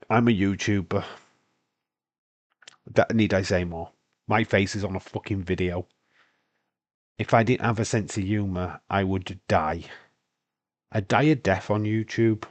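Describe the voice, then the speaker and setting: A young Scottish man hosting a casual live-stream chat, rambling and swearing freely, his voice congested from hay fever. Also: on the low side. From Britain. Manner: rambling, sweary, laughs often.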